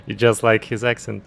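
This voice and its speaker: A man from Ukraine, a game streamer chatting casually with viewers, talking in a halting, measured way as he searches for words. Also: medium pitch, gravelly, slight background noise. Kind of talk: casual chat with stream viewers while gaming.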